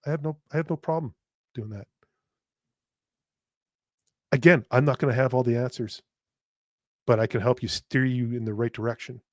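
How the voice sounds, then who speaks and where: A man talks through a personal podcast monologue in a mid-range voice, earnest and halting, often restarting and repeating words before pushing on. His speech is blunt and plain, with casual swearing. The sound is dry, with no room echo around it. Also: medium pitch, steady tone. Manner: earnest, speaking straight to listeners. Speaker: podcast host.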